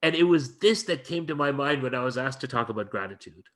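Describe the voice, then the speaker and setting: Male guest lecturer, average pitch; earnest, emphatic storytelling with frequent restarts. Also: lively intonation, fast talker, a bit bright. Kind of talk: storytelling in an interview.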